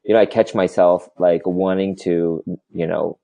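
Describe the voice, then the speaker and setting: A male podcast host in casual conversation. His voice sits very low and sounds mellow. He talks candidly and rambles, leaning on "you know" as he goes. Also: fairly even intonation, a little slow, gravelly, lo-fi sound. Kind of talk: casual interview chat.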